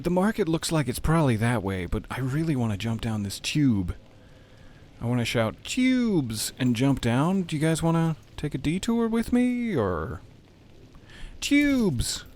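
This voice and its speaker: A man's voice: lowish voice, a little hiss or hum. A young man chatting playfully over his live game stream, cracking jokes and teasing. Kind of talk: casual chat over a live playthrough.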